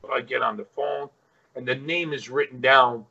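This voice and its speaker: A man's voice: mid-range voice, fairly even intonation, moderate pace, gravelly, bright, forceful tone, slightly rough, highs cut off. A middle-aged man, a retired pro wrestler, telling stories as an interview guest, rambling with many fillers. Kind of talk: casual interview storytelling.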